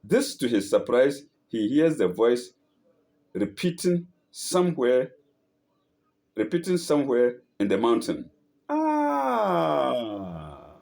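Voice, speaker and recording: A man hosting a show, reading inspirational pieces aloud slowly, repeating phrases, calling out punctuation and adding delighted asides. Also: mid-range voice, lively intonation, dark tone. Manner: delighted asides, chuckles at the text.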